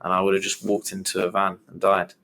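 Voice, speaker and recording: Deep-voiced guy, young, rambles through a story, lots of restarts and quoted thoughts. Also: monotone, quick pace, vocal fry, pushed and bright, slight background noise. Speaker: podcast host. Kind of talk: casual storytelling conversation.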